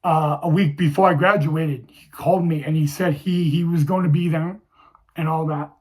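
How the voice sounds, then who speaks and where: A man's voice: fairly high pitch, steady tone, a little mellow. Emotional young man telling a personal story. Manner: halting, with many restarts and fillers. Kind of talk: personal story told to viewers.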